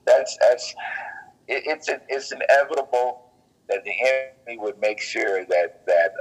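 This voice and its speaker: A man's voice: medium pitch, lively intonation, unhurried, breathy edge, rough recording. A man in casual faith talk, earnest and preachy, often repeating his words as he goes.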